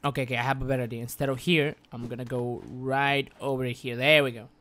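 Bright-voiced excitable gaming streamer guy. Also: medium pitch, fast talker. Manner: excitable, bursts into loud yelps and swearing; mutters and repeats himself while playing. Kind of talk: live gameplay commentary.

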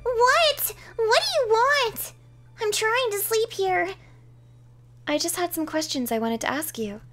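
A woman's voice: very high-pitched, expressive, a little slow, a bit bright, voice pushed up, exaggerated voice. A woman voicing a grumpy, sleepy young fox shrine maiden who whines and pouts indignantly. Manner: whiny, indignant, pouting.

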